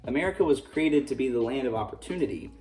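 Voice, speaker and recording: A man's voice: mid-range voice, animated, fast, a little mellow. A man teaching a casual history lesson, full of jokey, sarcastic asides. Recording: roomy echo, distant mic, faint music.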